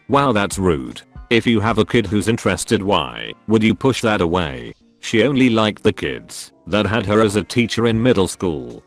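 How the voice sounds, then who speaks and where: A man reading online posts aloud as a scripted narration, in an even reading voice. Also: on the low side. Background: faint background music.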